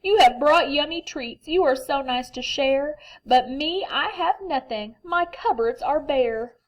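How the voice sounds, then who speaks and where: A woman's voice: high voice, unhurried, pitched above the performer's own voice, rough recording. Sad little storybook bear, sighing and fretful , a lady reading it out. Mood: plaintive. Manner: plaintive, sighing, earnest. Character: lonely, fretful male bear.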